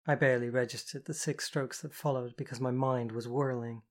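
An audiobook narrator reading a novel in the first person, in an even, intimate storytelling manner. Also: mid-range voice, moderate pace.

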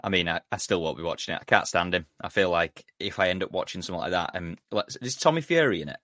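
Low-voiced, fast-talking man. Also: expressive, a bit bright, no room sound. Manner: dry, blunt quips. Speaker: podcast co-host. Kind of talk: casual chat.

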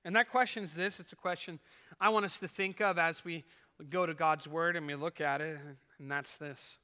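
A male pastor preaching a sermon at a live church service, building to loud emphasis and reading a poem with dramatic force. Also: on the high side, fairly even intonation, moderate pace, clean tone. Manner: preaches with rising emphasis, reads poetry dramatically. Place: church sanctuary. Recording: live church service with long hall reverb.

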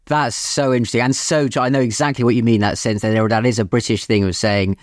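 A man's voice: mid-range voice, steady tone, fast, no echo, studio quality. A man hosting a podcast interview, chatting with his guest. He talks in a conversational way and mockingly voices quoted remarks. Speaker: podcast host, journalist.

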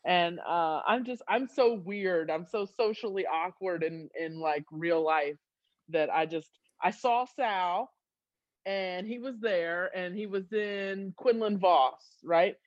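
A woman in her thirties, a guest on a podcast, telling a story with lots of laughter and high excited squeals. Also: slow, no room sound, dull audio. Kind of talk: casual storytelling.

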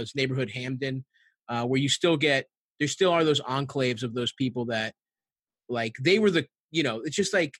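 Here the Baltimore podcast guest has a mid-range, fairly bright voice, captured in a dry recording. He keeps the casual chat going with crude, meandering stories and frequent laughter.

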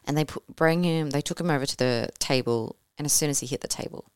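Low-voiced woman recounting her birth, animated. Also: fast talker, smooth, no echo, clean studio sound. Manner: animated, swears casually, acts out her own past words. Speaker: podcast guest telling her birth story. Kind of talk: casual conversational storytelling.

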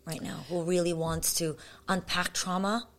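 Woman host on a podcast, lowish voice, calm questions. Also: moderate pace. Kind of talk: interview questions.

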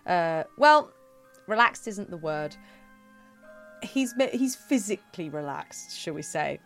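A woman runs a tabletop game, describing scenes in a chatty, rambling way. She corrects herself often and fills pauses with ums, against faint music. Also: fairly low pitch, lively intonation. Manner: chatty, self-correcting narration with fillers. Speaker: game master.

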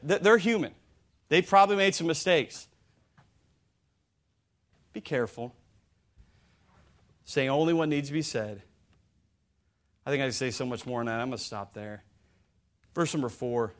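A man preaching a sermon in an animated way, often stammering and restarting, and acting out the voices of the people he quotes. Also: a little high, normal speed, pauses often.

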